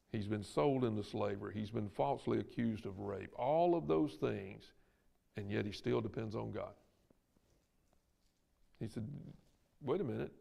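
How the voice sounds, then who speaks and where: A man's voice: mid-range voice, vocal fry, a little mellow. A man with a Southern accent teaching a Sunday school Bible lesson in a church classroom, plainspoken and folksy, acting out the lines he quotes.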